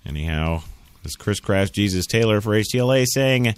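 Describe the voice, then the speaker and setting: A man's voice: on the low side, moderate pace, clear, resonant tone, faint music behind. A man hosting a talk radio show, arguing bluntly and sarcastically with imagined listeners. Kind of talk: opinionated solo talk radio monologue.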